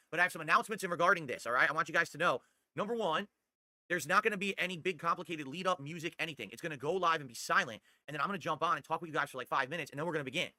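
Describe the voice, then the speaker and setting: Hosting his livestream from home, a man rants brashly and boastfully into a desktop condenser mic in a casual, podcast-style monologue. His voice is fairly high and sharp, with no room sound.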